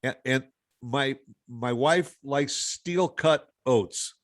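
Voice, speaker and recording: A man hosting a podcast in casual chat, speaking haltingly with frequent restarts. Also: medium pitch. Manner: halting, many restarts and fillers. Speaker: podcast host.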